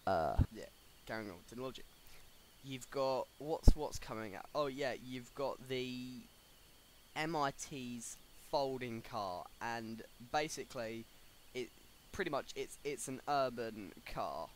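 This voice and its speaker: A man's voice: medium pitch, lively intonation, slow pace. A young man, talking casually on a solo podcast, rambling with lots of fillers and restarts. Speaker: podcast host. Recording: faint background noise.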